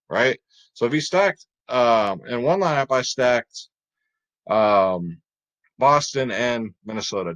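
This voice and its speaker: Upbeat guy doing his fantasy baseball picks show, chatty, keeps saying guys. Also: mid-range voice. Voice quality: chatty and upbeat, talks straight to viewers as "guys". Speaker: fantasy sports video host. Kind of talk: casual sports betting picks talk.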